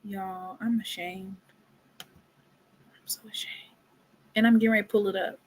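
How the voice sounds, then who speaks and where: A woman's voice: medium pitch, little pitch movement, normal speed, a little hiss or hum. A woman giving casual commentary, exasperated and dramatic, dropping into whispered asides. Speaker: commentary vlogger.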